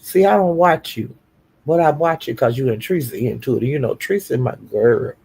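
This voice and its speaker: A man ranting on a live stream, taunting someone with profane insults and slow, drawn-out jabs. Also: medium pitch, expressive, vocal fry, a little mellow, slight background noise. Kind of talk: heated live-stream rant.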